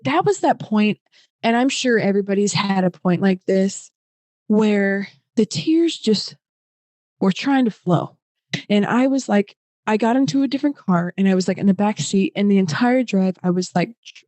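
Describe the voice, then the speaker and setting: A young woman guest on a podcast, telling a personal story in an animated way, full of fillers and acted-out quotes. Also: mid-range voice, normal speed, dry recording. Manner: animated, acts out quoted voices; many fillers like "like".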